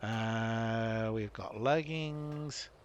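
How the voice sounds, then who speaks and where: A man hosting a game playthrough, giving soft, self-deprecating asides. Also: lowish voice, drawn-out words, highs cut off, a little hiss or hum. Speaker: let's play host. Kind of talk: casual game commentary.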